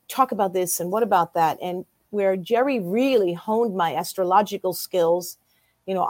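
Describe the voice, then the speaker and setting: A woman in her sixties, a guest in an interview, telling her story in a lively way and acting out what other people said. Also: medium pitch, dry recording. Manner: lively storyteller who acts out quoted voices.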